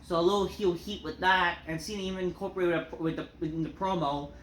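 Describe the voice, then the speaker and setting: A woman's voice: lowish voice, steady tone, a little fast, slight background noise. A woman ranting through a wrestling show review, exasperated and full of swearing. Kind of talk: solo review rant. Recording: roomy echo.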